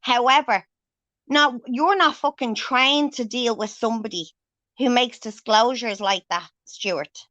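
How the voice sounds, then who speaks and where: Angry woman ranting on a live, swears nonstop, high sharp voice. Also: measured pace, dry recording, highs cut off. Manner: angry, swears heavily, confrontational. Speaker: livestream host. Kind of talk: angry livestream rant.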